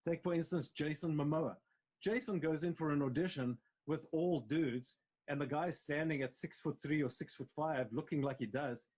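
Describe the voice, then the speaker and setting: A man's voice: fairly high pitch, normal speed, darkish tone, breathy edge, lo-fi sound. A man with a South African accent, an actor chatting in a live interview, talking in long, emphatic runs full of restarts. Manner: rambling, emphatic, frequent restarts. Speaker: actor guest. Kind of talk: casual interview chat. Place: at home on a live video call. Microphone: mobile phone live stream.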